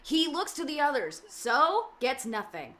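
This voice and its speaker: A woman narrating the action description in a fan table read of a film script, reading briskly and matter-of-factly. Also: high-pitched, very animated, sharp tone.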